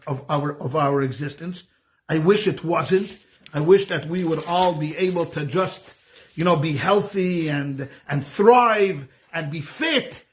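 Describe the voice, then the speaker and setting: A man, a rabbi, teaching a class in a conversational way, often repeating phrases for emphasis and asking rhetorical questions. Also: high-pitched. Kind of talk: conversational lecture.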